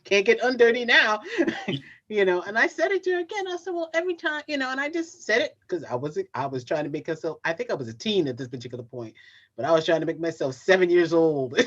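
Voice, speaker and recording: A woman hosting a casual video-call chat, telling a story with lively laughter and acted-out quotes. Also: medium pitch, dull audio. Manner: animated storyteller, laughs often, acts out quotes. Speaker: host.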